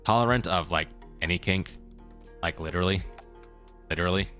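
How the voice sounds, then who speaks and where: Young male streamer, lowish voice with a sharp, bright edge, rambling casual chat, faint music underneath. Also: a little fast. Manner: rambling, self-correcting, repeats phrases. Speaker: streamer in character as a traveling merchant.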